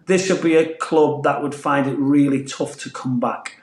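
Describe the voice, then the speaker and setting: A man's voice: mid-range voice, fairly even intonation, normal speed, a little mellow, slight background noise. Northern English man in an echoey room. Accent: Manchester-tinged English. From Northeast England. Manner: earnest, rambling with restarts. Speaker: pundit, former footballer. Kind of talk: casual podcast chat.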